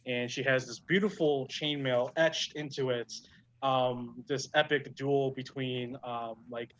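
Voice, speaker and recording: A man narrating as game master of a tabletop game, pausing often with ums and restarts. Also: mid-range voice, fairly even intonation, fairly bright tone. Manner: hesitant, many ums and restarts. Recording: dull lo-fi sound.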